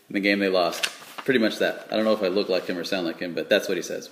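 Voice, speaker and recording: A man's voice: lowish voice, fast, fairly bright tone. A man casually chatting through sports picks, rambling and joking with many fillers. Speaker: sports vlogger making game picks. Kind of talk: casual chat. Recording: echoey room.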